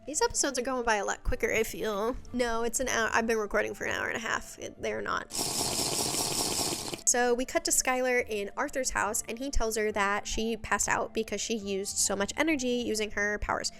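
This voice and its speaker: A woman's voice: on the high side, fairly even intonation, moderate pace, creaky. A young woman giving a casual, chatty recap of a web series, full of sassy, exasperated asides.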